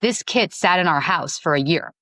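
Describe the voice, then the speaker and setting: A woman in her forties from Long Island, New York, telling her story as a podcast guest in a lively, chatty way, full of fillers. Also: fairly low pitch, normal speed, a little hiss or hum. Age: 40s. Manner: animated, acts out quoted dialogue, many fillers. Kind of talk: casual storytelling interview.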